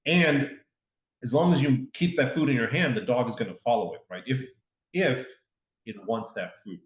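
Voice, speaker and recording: A man's voice: mid-range voice, normal speed. A man co-hosting a podcast, chatting casually and easily with short agreeing replies. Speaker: podcast co-host. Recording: dull, roomy sound.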